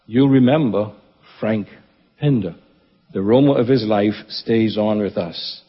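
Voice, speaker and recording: A man giving a funeral eulogy at his church, earnest and reverent with touches of gentle humor. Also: lowish voice, a little slow, husky. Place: church assembly hall. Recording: dull, echoey church hall recording.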